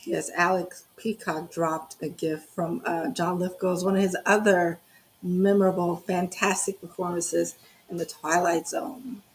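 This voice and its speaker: A woman's voice: fairly low pitch, flat delivery, unhurried, poor audio. A woman co-hosting a casual movie watch party, chatting and laughing as she comments on the film.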